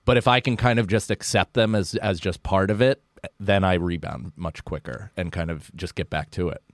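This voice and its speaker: American man, comedian guest, lowish voice, dry close mic, earnest and reflective. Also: fairly even intonation, moderate pace, dry recording. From United States. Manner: reflective, earnest, casual swearing. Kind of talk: candid podcast interview.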